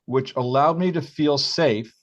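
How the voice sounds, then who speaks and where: A man hosting a podcast, speaking reflectively and haltingly with many restarts. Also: mid-range voice. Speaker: podcast host. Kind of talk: podcast conversation. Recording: dull lo-fi sound.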